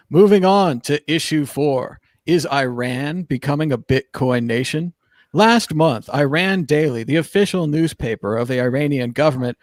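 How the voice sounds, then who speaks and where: Male panel host, mid pitch, dry close sound, brisk questions. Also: dry recording. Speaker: show host. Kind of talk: panel discussion hosting.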